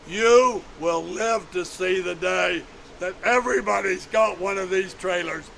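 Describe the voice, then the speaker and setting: A man in his nineties retelling an insistent male trailer builder's words in his own high, gravelly voice. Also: a little slow, a bit bright, a little hiss or hum, full character voice, rough recording.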